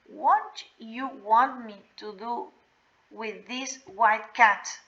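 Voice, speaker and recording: A woman's voice: a little high, extremely slow, a bit bright, lo-fi sound, exaggerated voice. A woman reading as a menacing big young man.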